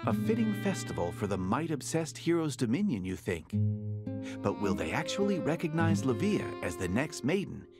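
A man's voice: medium pitch, wildly swooping pitch, moderate pace. A man narrating a card game in a storybook, second-person style. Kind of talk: scripted narration. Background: game music.

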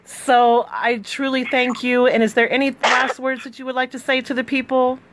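A woman's voice: high-pitched, level tone, moderate pace, slight background noise. Affectionate Southern woman hosting a show. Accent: Southern US, rural Appalachian. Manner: affectionate, calls guests sweetie. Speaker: radio show host. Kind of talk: casual interview chat.

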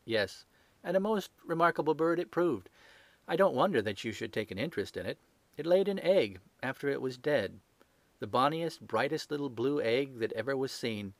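A man voicing a sharp, commanding gentleman detective who speaks coolly, sternly and precisely. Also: mid-range voice, lively intonation, moderate pace, no room sound, lightly acted. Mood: wry.

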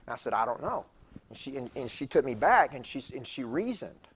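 A man's voice: medium pitch, sing-song, a little fast, husky. A man in his fifties giving a conversational sermon as a guest preacher in a church, chatty and digressive, with stammered restarts. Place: church sanctuary.

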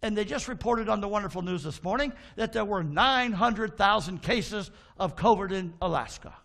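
Male pastor in the pulpit, high and gravelly, fervent call-and-response preaching with folksy asides. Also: normal speed, fairly bright tone. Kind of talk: sermon. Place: church sanctuary.

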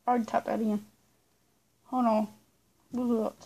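Gravelly, mellow-voiced chatty woman vlogger. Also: a little high, flat delivery, moderate pace. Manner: chatty, rambling, repeats herself. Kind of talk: casual vlog chat to viewers.

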